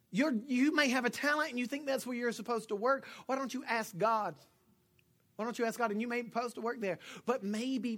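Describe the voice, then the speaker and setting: A middle-aged pastor with a high-sitting voice preaches a sermon, joking with the congregation. He swings from quiet asides to loud shouts.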